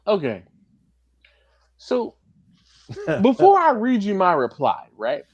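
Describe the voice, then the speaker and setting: A man hosting a casual barbecue livestream, animated and laughing often, reading comments aloud and breaking into high put-on voices. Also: slow, long pauses, husky, no room sound. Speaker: livestream host. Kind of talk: casual live-stream chat.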